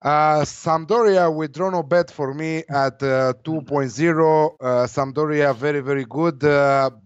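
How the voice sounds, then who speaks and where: A man's voice: a little high, steady tone, measured pace, smooth, no room sound. A man giving football betting tips in casual chat, hesitant with many fillers. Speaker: betting tipster. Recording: dull lo-fi dry sound.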